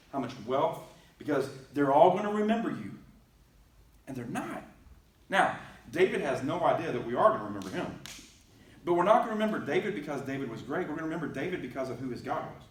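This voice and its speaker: A man's voice: a little high, roomy sound, recorded from a distance, a little hiss or hum, rough recording. A male pastor giving a conversational sermon, reading scripture aloud and asking the congregation questions. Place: church sanctuary.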